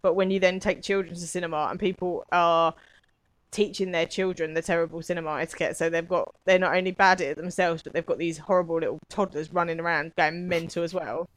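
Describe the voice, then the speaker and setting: A woman's voice: fairly low pitch, fairly even intonation, fast, no room sound, poor audio. A British woman co-hosting a podcast, chatting casually and ending remarks with tag questions. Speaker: podcast co-host. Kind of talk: casual chat recapping a show.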